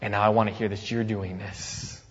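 A man preaching a sermon, casual and conversational, acting out scripture quotes with sudden loud bursts and easy laughs. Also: on the low side, moderate pace, big-room sound, highs cut off. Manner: animated, acts out the apostle's words with sudden loud jumps. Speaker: pastor.

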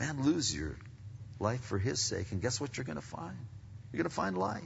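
A man preaching a sermon as pastor, animated and swinging from quiet asides to loud climaxes. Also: medium pitch, moderate pace, gravelly, long pauses, slightly rough. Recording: long reverb, dull lo-fi sound.

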